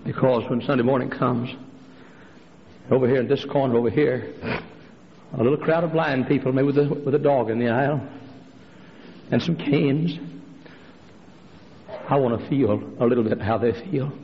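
Gravelly preacher man, fiery sermon. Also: steady tone, normal speed, long pauses, slight background noise. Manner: impassioned preaching, climbing to shouted refrains, dropping low for stories. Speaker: pastor. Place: church sanctuary. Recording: lo-fi recording with long hall reverb.

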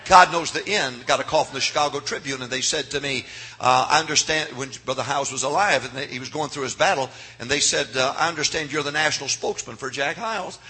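A middle-aged man preaching a fiery revival sermon as pastor, swinging from low murmurs to shouted climaxes, repeating cadenced phrases and calling for his audience's response. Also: fast talker, breathy edge.

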